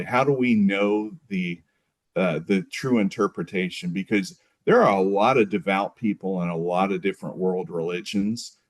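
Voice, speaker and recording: A man who is a guest on a podcast, talking thoughtfully with frequent pauses and restarts. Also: deep voice. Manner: thoughtful, hesitant, many fillers and restarts. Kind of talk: casual conversation.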